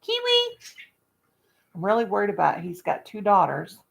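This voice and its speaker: Gravelly-voiced woman rambling on a live stream. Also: lowish voice, fast talker. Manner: rambling, folksy, joking. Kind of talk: casual live-stream chat. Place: home in the countryside.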